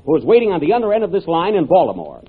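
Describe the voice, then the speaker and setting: A man's voice: a little high, huge pitch swings, very fast, breathy edge, pitched below the performer's own voice, exaggerated voice. A man playing a pompous inventor whose public demonstration keeps going wrong, talking in an exasperated, oratorical way in 1930s radio comedy style. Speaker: comedy show host. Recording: tinny 1930s radio broadcast, live audience.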